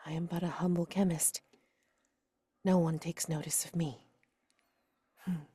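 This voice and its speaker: A man voicing a shy, veiled young woman chemist in a whispered role-play, soft, hushed and meek. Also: a little high, little pitch movement, measured pace, slightly rough, voice pushed up.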